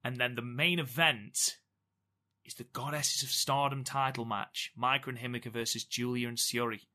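A man co-hosting a wrestling podcast, reading out upcoming match cards in a steady, listing way. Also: medium pitch, normal speed. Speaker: podcast co-host. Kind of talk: casual podcast chat.

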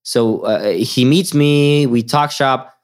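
A young man raised in Sweden, chatting as a podcast guest. He tells his stories with energy and slips into quick impressions of the people in them. His voice sits mid-range, with a relaxed, casual delivery. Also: medium pitch. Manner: animated storyteller, acts out voices in quoted lines. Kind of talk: casual storytelling.

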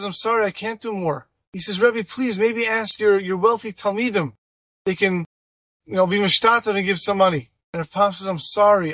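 A man's voice: high-pitched, a bit bright, no echo. A man narrating an inspirational story in an earnest way, acting out the voices of the people in it. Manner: earnest, acts out the voices in his stories.

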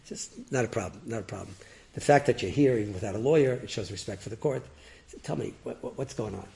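Guy telling a story, gravelly voice, lively, does the voices. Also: fairly low pitch, quick pace. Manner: lively, acts out characters with rising excited voices and laughs. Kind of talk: animated oral storytelling.

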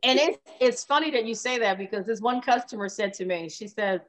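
A woman's voice: on the high side, fairly quick, few pauses. Middle-aged woman telling a business story. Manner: storytelling, acts out quoted dialogue. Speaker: guest, wine business co-founder. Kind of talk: casual interview chat.

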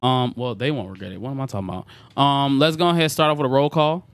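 A man's voice: mid-range voice, steady tone, quick pace, clean tone. A young man hosting a podcast, talking casually and leaning on fillers. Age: young adult. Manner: laid-back, many fillers, laughs along. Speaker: podcast host. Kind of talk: casual group chat.

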